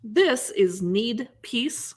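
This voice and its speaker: A woman's voice: a little high, extremely slow. Chatty woman hosting a cookbook livestream. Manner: chatty, animated, self-deprecating. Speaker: livestream host. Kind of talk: casual product showcase chat.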